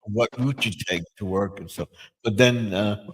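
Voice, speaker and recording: A man's voice: on the low side, moderate pace, a bit bright, husky, low-quality recording. An older man hosting a live stream, chatting casually and rambling, with many restarts and fillers. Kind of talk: casual chat.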